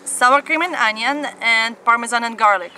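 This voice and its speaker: A family channel host sits on the ground at an outdoor festival, doing a casual mukbang and chatting eagerly between bites with plenty of mm-hmms. Her voice is fairly high, bright and pushed, at a normal speed, and the audio is poor, with faint festival noise behind her.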